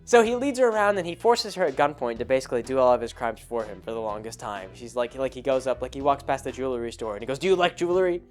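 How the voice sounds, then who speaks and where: A man's voice: mid-range voice, expressive, fast, few pauses, soft background music. A man hosting a podcast, casually retelling a tabletop game session in a chatty, rambling way full of asides. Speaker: podcast host. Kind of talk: casual storytelling.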